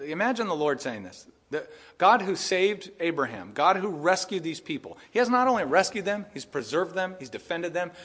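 A pastor in a church sanctuary gives an animated sermon. His voice sits fairly high, and he laughs as he plays out the people's protests and God's answers. A long hall reverb trails every phrase. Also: breathy edge. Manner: animated preaching, laughing at the text, acting out voices of people and God.

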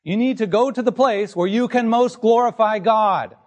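A man's voice: high voice, moderate pace, in a large hall. A man pastor preaching an emphatic, teacherly sermon to his congregation in a church sanctuary.

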